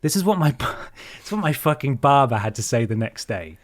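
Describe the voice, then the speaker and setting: A man's voice: mid-range voice, sing-song, normal speed, dry recording. Podcast host guy telling a story, swears loads, dry close sound. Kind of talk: casual chat, storytelling.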